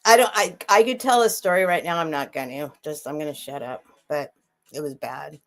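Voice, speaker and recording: Speaking a little fast in a low-pitched voice, this middle-aged woman runs a livestream sale with casual chat. She wanders from thought to thought, starts over, lets sentences trail off, and responds to what viewers type.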